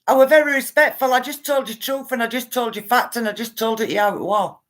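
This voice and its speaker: A woman's voice: on the high side, a little fast, a bit bright. A woman hosts a casual live stream. She talks straight to her viewers and reads out their comments. Her delivery is blunt and emphatic, and she hammers each point home by repeating it. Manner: addresses viewers directly. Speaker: livestreamer reading viewer comments.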